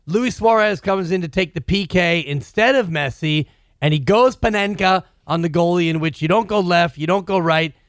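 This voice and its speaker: A man's voice: sits high, no room sound, clean studio sound. A man co-hosting a podcast, easygoing in casual chat and laughing along. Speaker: podcast co-host.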